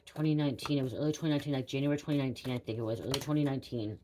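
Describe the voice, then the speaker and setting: A woman's voice: deep voice, racing, darkish tone, a little hiss or hum. A woman psychic telling a personal story to her viewers in a rambling, repetitive way, swearing casually and often saying "you guys.". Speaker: psychic reader.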